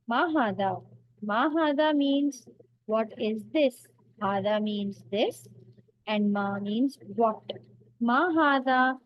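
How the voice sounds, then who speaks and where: A woman teacher quizzes beginners on vocabulary at a very slow, drawn-out pace, her voice sitting a little high. The sound is close and dry, with a dull, slightly lo-fi tone. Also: dry recording. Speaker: language teacher. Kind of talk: vocabulary quiz lesson.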